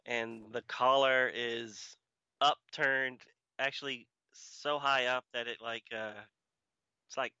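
A man's voice: mid-range voice, fairly even intonation, slow pace, pushed and bright, clear, resonant tone, no echo. A man co-hosting a podcast, chatting casually with dry, teasing humor. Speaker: podcast co-host. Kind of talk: casual chat. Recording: slightly dull lo-fi sound.

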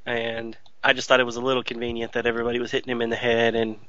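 Man, rambling podcast co-host, bright tone, dull dry recording. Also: medium pitch, monotone, racing, no room sound. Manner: hesitant, rambling, self-deprecating. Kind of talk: casual chat.

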